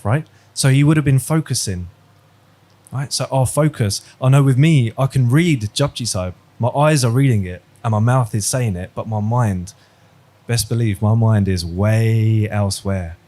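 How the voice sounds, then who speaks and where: A man's voice: fairly low pitch, normal speed, dark tone. Man teaching an online class. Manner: conversational, quizzing students, storytelling. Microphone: video call.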